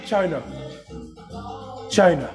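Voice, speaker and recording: A man doing a mocking impression of a gruff older male politician, repeating one word in a drawn-out way. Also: sits high, lively intonation, faint music behind, pitched below the performer's own voice. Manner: drawn-out, repetitive single-word mockery.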